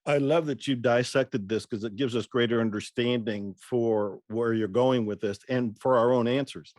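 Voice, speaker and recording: A man interviewing a guest in casual conversation, affirming with soft murmured responses. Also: medium pitch, fairly even intonation, normal speed, dry recording, clean studio sound.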